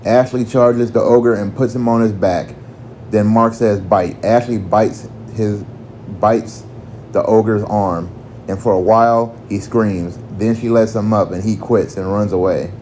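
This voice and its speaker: A man narrating a crude comic story in a deadpan way, also voicing a fan who gives battle commands. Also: fairly low pitch, a little slow, a little hiss or hum.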